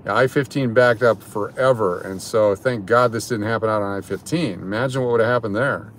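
A man's voice: on the low side, fairly quick, slight background noise. A man livestreaming from his parked car in a parking garage, chatting casually and greeting viewers by name between rambling remarks. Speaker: livestream host. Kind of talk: casual live chat with viewers.

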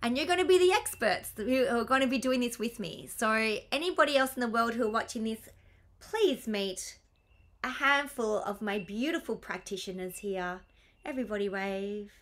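A woman with a bright, clear tone talks to her practitioners over a video call. She is blunt, excitable and swears freely, in a loose, casual way. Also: fairly high pitch, normal speed. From Australia. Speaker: business coach and healer.

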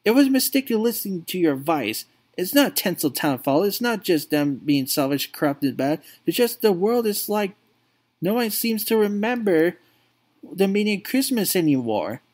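A man's voice: very animated, moderate pace, a little mellow. A man voicing a young homeless son who accuses and pleads with his father in a game playthrough. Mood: anguished. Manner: pleading, accusing, voice straining high.

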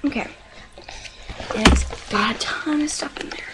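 A young woman casually showing off what she carries, talking slowly and quietly with some rambling, recorded on a webcam. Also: on the high side, heavy background noise. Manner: talks slow and quiet, rambling. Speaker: beauty vlogger. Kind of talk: casual show-and-tell vlog.

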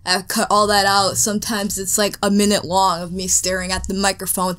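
A woman's voice: mid-range voice, level tone, brisk, a bit bright, smooth. A teenage girl rambling casually to a desk microphone at home while she paints, talking in a scattered way and trailing off between topics. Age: teens. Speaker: speedpaint vlogger. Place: bedroom at home.

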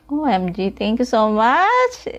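A woman's voice: on the high side, wildly swooping pitch, slow pace, a bit bright, muffled recording. A woman hosting a reaction video, speaking casually and gushing with repeated spelled-out exclamations about what she watches. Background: the reviewed song playing faintly.

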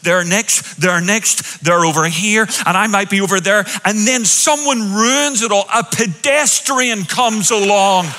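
High, bright-voiced pastor preaching a sermon. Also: male voice, unhurried, few pauses, long reverb tail. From Europe. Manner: animated, quizzing the congregation with questions. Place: large church hall with an audience.

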